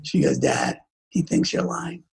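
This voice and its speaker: An older man with a gravelly, slightly high voice tells a deeply personal story as a talk guest. He talks intimately and often sinks into a hushed, near-tearful half-whisper. The pace is unhurried and confessional. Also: huge pitch swings, faint music behind, low-quality recording. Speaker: podcast guest, music agent. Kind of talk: emotional storytelling.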